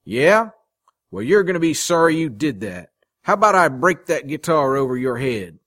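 A male reader voicing an angry, hot-headed young man who shouts threats in an audiobook story. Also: a little high, very animated, normal speed, no echo, clean studio sound, voice pushed up. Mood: furious. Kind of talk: audiobook reading.

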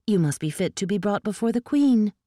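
A woman's voice: medium pitch, animated, brisk, dark tone, no echo, studio quality, pitched above the performer's own voice, close to an everyday voice. A woman reading the part of a haughty, disdainful female elf courtier in a storybook. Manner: disdainful, chiding.

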